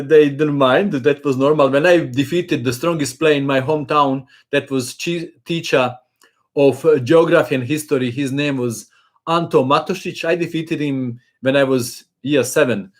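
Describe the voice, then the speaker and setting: A man's voice: a little high, fairly even intonation, unhurried. A man, a chess channel host chatting casually in a live-stream question and answer session, hesitant with many fillers.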